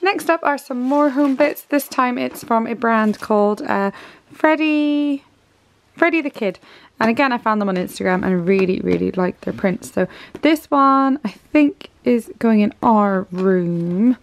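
A young woman from the UK chatting warmly about parcels in a casual home vlog, gushing over each item. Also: fairly high pitch, expressive, normal speed, vocal fry. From United Kingdom. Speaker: parenting vlogger. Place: home, indoors.

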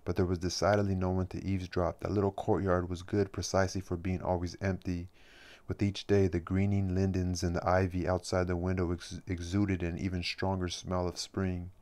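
A man reading a novel aloud as an audiobook, measured and steady with occasional restarts. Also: sits low. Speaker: audiobook reader.

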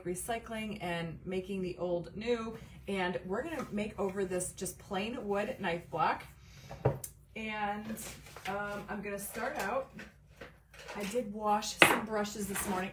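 A middle-aged woman with a mid-range, slightly bright voice chats casually through a crafting livestream, greeting viewers by name and drifting into asides. She sounds far from the mic, with faint room noise in the background.

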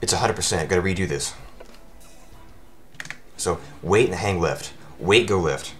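A man giving live commentary over his own speedrun, his voice worn from shouting, talking at the game in exasperated outbursts. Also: sits low, a little slow, slight background noise.

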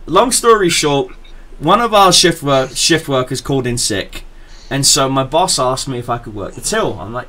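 A man's voice: mid-range voice, animated, moderate pace, sharp tone. A young man, hosting a podcast and telling a crude story in a loose, laughing way. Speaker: podcast host. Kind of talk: casual storytelling.

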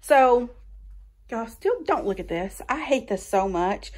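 A woman's voice: fairly high pitch, lively intonation, takes it slowly, darkish tone. Chatty woman vlogging her home. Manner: chatty and folksy, addresses viewers as y'all. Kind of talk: casual chat to camera.

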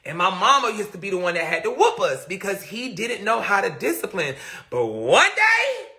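Man, very high and bright voice, lively swings, dramatic casual storyteller on a phone stream. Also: normal speed, vocal fry. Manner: animated, dramatic retelling with outbursts. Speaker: live-stream host. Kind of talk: casual storytelling to live viewers.

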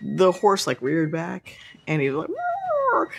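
A woman's voice: deep voice, a little slow, creaky. A woman telling a comic anecdote about her first job, acting out the people in it. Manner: lively, acts out quotes in voices. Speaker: storyteller.

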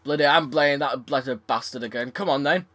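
A man's voice: medium pitch, fairly quick, pushed and bright. A young man commentating his tennis game, frustrated, swearing and sarcastic. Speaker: gaming YouTuber. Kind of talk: let's play commentary.

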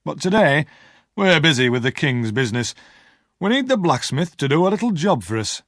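Man doing a sharp no-nonsense sergeant, brisk, a bit raised. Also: a little high, sing-song, no echo, clean studio sound, pitched above the performer's own voice.

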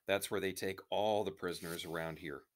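Man reading a worried fighter, low voice, stumbles a bit, storybook. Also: fairly even intonation, moderate pace, lightly acted. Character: male resistance fighter, worried.

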